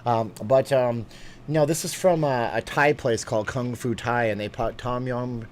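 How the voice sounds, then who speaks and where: A man's voice: mid-range voice, darkish tone, slight background noise. A man hosting a casual live-stream chat, rambling from one topic to the next. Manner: rambling, chatty, quick asides and laughs.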